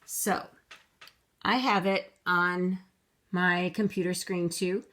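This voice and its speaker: A woman teaching young children phonics from home, slowly sounding out words letter by letter for her camera. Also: fairly low pitch, steady tone, fairly bright tone. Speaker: kindergarten teacher. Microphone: computer camera mic.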